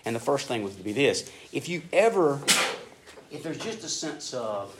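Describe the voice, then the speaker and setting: A man preaching a sermon in a casual, animated way, acting out prayers in an excited voice. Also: mid-range voice, normal speed. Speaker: pastor. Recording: echoey room with faint ambient noise.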